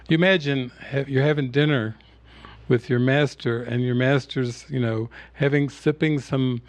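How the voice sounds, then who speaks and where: A man giving a spiritual teaching talk at an online retreat, retelling a film scene in a relaxed storytelling way. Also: medium pitch, dry recording.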